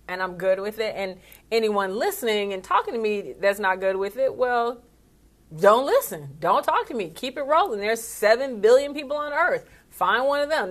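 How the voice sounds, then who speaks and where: A middle-aged woman coaching on public speaking in an animated, conversational way with quick asides. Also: medium pitch. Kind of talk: casual talk to camera or live stream.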